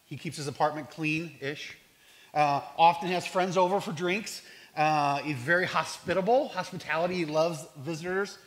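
A man's voice: on the high side, normal speed. A man who works in homeless outreach, telling stories about the people he serves in an earnest, reflective way, with some restarts. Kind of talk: storytelling talk.

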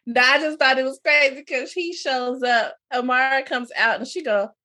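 Woman cohost, bit high voice, blunt and laid back, cusses a lot. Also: fairly even intonation, normal speed, sharp tone. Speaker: podcast co-host. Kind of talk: casual recap chat.

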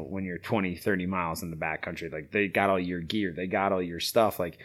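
A middle-aged man telling stories in a casual interview, rambling with many fillers. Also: low voice. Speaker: guest, founder of a veteran horse program.

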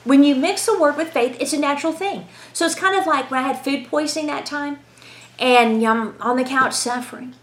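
A woman giving a lively, conversational Bible lesson, telling stories and asking rhetorical questions. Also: high-pitched, fairly quick. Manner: animated, storytelling, asks rhetorical questions. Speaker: Bible teacher.

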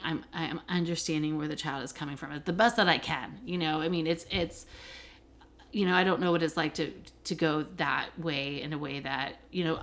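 A middle-aged woman hosting a podcast, an educator who works with children and families, talking candidly in a casual monologue and telling stories with many fillers. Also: sits low. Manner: candid, animated storytelling with frequent fillers.

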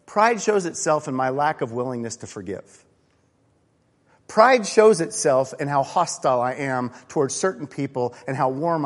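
A man's voice: fairly high pitch, in a large hall. A middle-aged man preaching a sermon, earnest and personal, telling stories and reading scripture aloud. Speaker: pastor.

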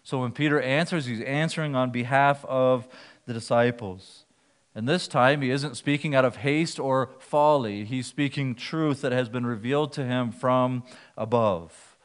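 A man's voice: mid-range voice, a little slow, smooth. A man preaching a sermon to his church, explaining scripture in an earnest teaching manner with occasional restarts. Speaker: pastor.

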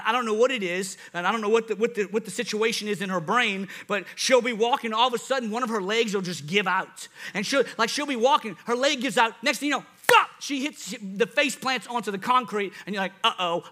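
A young man preaching a sermon, telling stories in an animated way with big swings in his voice. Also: extremely high pitch. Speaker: pastor.

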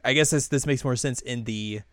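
Man, casual co-host, smooth clear voice, dry close sound, rambling recap style. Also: medium pitch, a bit bright, dry recording. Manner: loose and rambling, many fillers and quick quoted voices, laughs often. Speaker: podcast co-host recapping an anime episode. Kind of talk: casual chat.

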